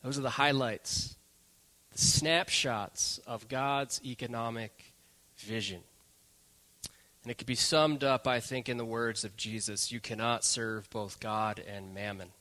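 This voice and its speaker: Forceful man preaching a sermon. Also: medium pitch, fairly even intonation, unhurried. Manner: emphatic, repeats key phrases for stress. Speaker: pastor.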